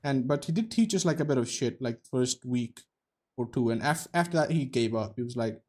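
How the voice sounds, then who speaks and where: A man's voice: mid-range voice, animated, brisk, a little mellow. A young man giving casual, profane, joking commentary while streaming a game, rambling between stories and play.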